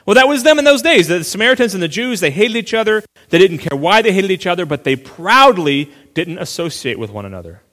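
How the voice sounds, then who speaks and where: A male pastor preaching a sermon in a relaxed, conversational way, full of asides and quick restarts. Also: high voice, long reverb tail.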